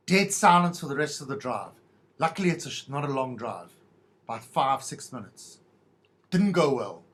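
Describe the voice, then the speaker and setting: Wry, self-mocking man with lively pitch. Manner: self-mocking, wry, stop-start storytelling. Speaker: podcast host. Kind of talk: rambling solo monologue.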